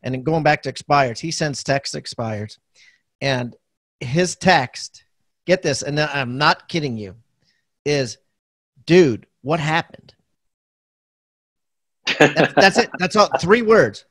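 A man hosting a podcast interview, telling stories in an animated, laughing way. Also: fairly high pitch, unhurried, dry recording. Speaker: podcast host. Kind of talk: casual interview chat.

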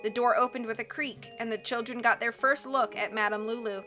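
A woman narrating an audiobook with expressive storytelling. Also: on the high side, a little fast, soft background music. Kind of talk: audiobook reading.

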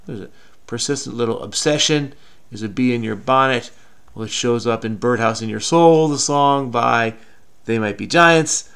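Gravelly man frenetically solving crosswords. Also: medium pitch, a bit bright. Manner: frenetic, muttering to himself. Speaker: crossword solver. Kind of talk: casual puzzle-solving commentary.

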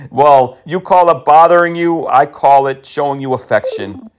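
A fairly high-pitched man talks slowly but animatedly while baiting phone scammers. He mocks and teases them on the call, dropping in Hindi words and insults.

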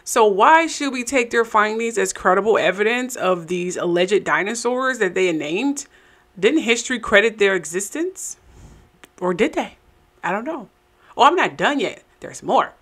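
A woman's voice: medium pitch, expressive, normal speed, a bit bright. A woman hosting and narrating a commentary show, with sarcastic, skeptical asides. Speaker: show host.

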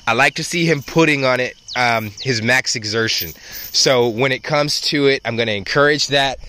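A man teaching dog training outdoors, explaining in a relaxed way with frequent ums and restarts. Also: medium pitch, moderate pace, no echo. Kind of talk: casual outdoor instruction.

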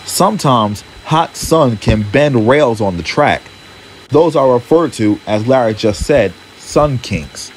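A man narrating a fan-made train story in an animated storytelling manner. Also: medium pitch, slow, a little hiss or hum, poor audio.

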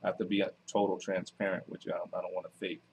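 A man in his thirties with a New Jersey accent, an author and minister, answering interview questions in an earnest, measured way. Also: low-pitched, level tone, a little hiss or hum, rough recording. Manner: earnest, measured, many fillers. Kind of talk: casual interview.

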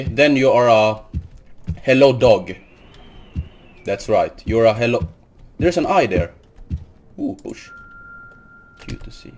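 In this horror let's play, a man hosting a gaming video keeps claiming he isn't scared, yet he's jumpy, repeats his greetings, and swears whenever something startles him. His voice is mid-range and darkish, and there's slight background noise.

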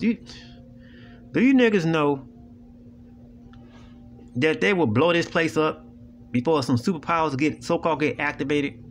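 A man with hosting a video, talking straight to viewers in a blunt, preachy, profane way and often asking "you know what I'm saying". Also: fairly high pitch. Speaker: video host. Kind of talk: casual monologue to viewers.

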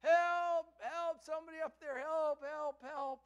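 A man voicing a panicked hiker dangling from a cliff branch and shouting for help. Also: very high-pitched, fairly even intonation, unhurried, highs cut off, voice pushed up. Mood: desperate shouting.

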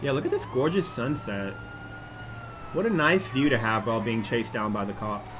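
A young man casually commenting as he plays a video game, animated and prone to shouting at what happens on screen. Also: medium pitch, moderate pace, a little hiss or hum. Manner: animated, exclaims and yells at the game. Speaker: gaming YouTuber.

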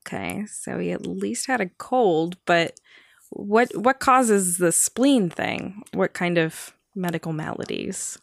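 A woman co-hosting a podcast, playful and teasing, quick to laugh in casual chat. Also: lowish voice, expressive, gravelly, no echo, studio quality. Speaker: podcast co-host.

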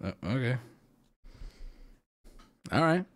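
A man casually commenting on viewer clips on a live stream, crude and quick to laugh. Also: medium pitch, very animated. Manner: crude, joking, laughs often.

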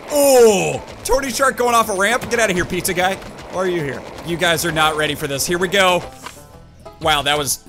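A young man giving excited let's-play commentary on a game, with sudden loud outbursts and gasps. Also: a little high. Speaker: gaming YouTuber. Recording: game music behind the voice. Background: game music.

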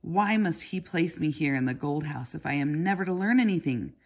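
A woman's voice: sits low, animated, fairly quick. A woman reading aloud voices a sullen young male goldsmith apprentice who speaks curtly and resentfully. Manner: curt and resentful.

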